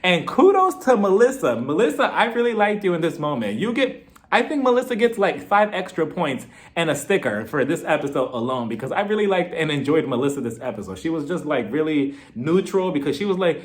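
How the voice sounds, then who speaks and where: Young man, casual reality TV review, chatty and jokey, fairly high voice, very lively pitch. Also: fairly quick. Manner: animated, chatty, jokey, with frequent "like" fillers. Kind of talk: casual episode review commentary.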